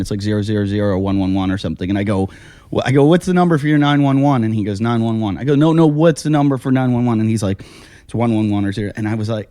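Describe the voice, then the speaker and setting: An American man hosting a casual talk show, telling a long story in an animated way, swearing and laughing at himself. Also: mid-range voice, dry recording, clean studio sound. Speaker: podcast host. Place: house.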